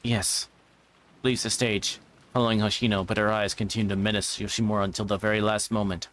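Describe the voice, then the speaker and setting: A man streaming and reading a visual novel aloud, narrating in a plain, steady way. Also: on the low side, quick pace.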